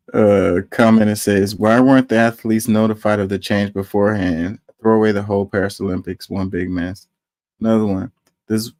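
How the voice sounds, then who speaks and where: A man casually commenting on news and reading viewer comments aloud, with animated rhetorical questions. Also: fairly low pitch, dry recording, studio quality.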